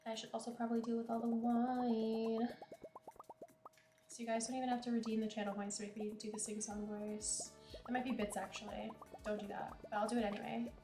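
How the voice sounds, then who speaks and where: A woman's voice: fairly high pitch, little pitch movement, fairly quick, echoey room, music in the background. Chatty young woman streaming a game. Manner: chatty, giggly, reads game lines aloud. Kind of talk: casual chat while playing.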